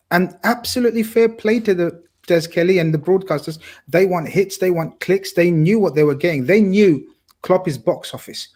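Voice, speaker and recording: A man's voice: a little high, darkish tone. A man talking football on a casual podcast, talkative and blunt, swearing casually. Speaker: podcast co-host.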